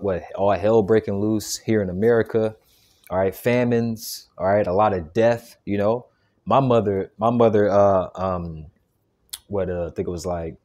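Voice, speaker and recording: A man's voice: lowish voice, darkish tone. A man giving an informal sermon, emphatic and stammering, tagging nearly every phrase with "man" and "okay". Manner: stammering restarts, repeated words. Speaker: preacher.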